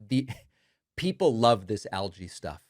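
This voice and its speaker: A man's voice: on the low side, big pitch swings, slow pace, dry recording, studio quality. A man hosting political commentary, talking sardonically over speech clips and mocking the quotes.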